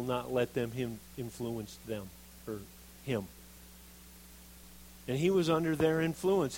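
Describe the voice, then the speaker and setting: A man preaching a sermon, reading scripture and acting out the quoted speakers with lively expression. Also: medium pitch, slight background noise, poor audio. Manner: animated, acts out quoted voices of Jeremiah and God.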